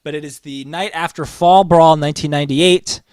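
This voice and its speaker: A man's voice: moderate pace, clear, resonant tone, no room sound. A man co-hosting a casual wrestling podcast, telling stories with building enthusiasm. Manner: enthusiastic storytelling, rises in pitch when excited. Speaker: podcast co-host.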